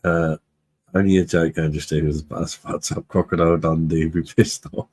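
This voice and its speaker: A man hosts a beer review live stream, reading out viewer comments in loose, casual chat. His voice sits very low and sounds rough and husky. He talks bluntly, swears freely and laughs often. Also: flat delivery, normal speed, a little mellow.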